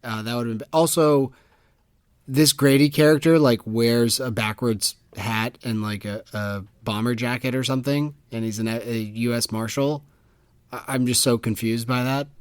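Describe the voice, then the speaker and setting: A man's voice: medium pitch, no room sound. Male co-host, casual chat, exasperated ranting delivery, dry booth sound. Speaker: podcast co-host.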